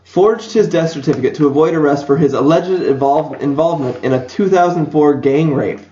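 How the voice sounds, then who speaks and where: A young man hosts a loose, rambling podcast among friends, cracking jokes and laughing at his own lines. His voice sits a touch high for a man. The sound is echoey and dull, like a cheap mic in a bare room. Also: brisk, dark tone, a little hiss or hum. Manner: jokey, rambling, laughs often. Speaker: podcast host. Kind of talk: casual chat.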